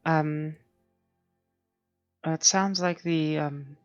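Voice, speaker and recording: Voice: medium pitch, fairly even intonation, very slow, clear, resonant tone, no echo. Hesitant tabletop player, dry dull lo-fi audio, faint music behind. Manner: hesitant, thinking aloud. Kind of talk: casual game chat.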